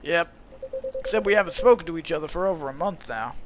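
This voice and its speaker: A man's voice: on the high side, animated, fast, background noise, close to an everyday voice. A man voicing a tired, plain-spoken middle-aged male police officer who is a father. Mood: weary.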